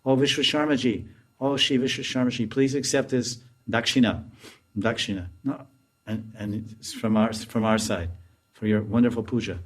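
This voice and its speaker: A man's voice: medium pitch, fairly even intonation, normal speed, close to an everyday voice. A man voicing a pleased old mother-in-law who fusses and gushes over a priest. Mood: effusive. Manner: effusive, gushing. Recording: echoey room with background noise.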